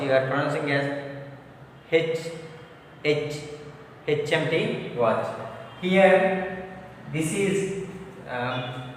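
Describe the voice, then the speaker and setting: Slow teacher, echoey hall. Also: male voice, a little high, fairly bright tone. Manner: slow, repetitive, drills letters aloud. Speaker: English teacher. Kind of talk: classroom grammar lesson. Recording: echoey hall from far off, faint noise.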